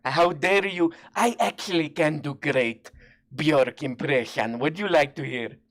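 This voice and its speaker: A man putting on a gruff, accented older male philosopher who talks in a halting, blunt, insulting way. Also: a little high, fairly bright tone. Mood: pompous.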